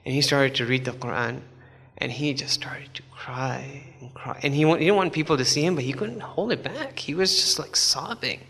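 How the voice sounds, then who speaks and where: A man's voice: medium pitch, normal speed, a bit bright. A man telling a story in a sermon, in a conversational way with many asides. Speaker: preacher. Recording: long hall reverb.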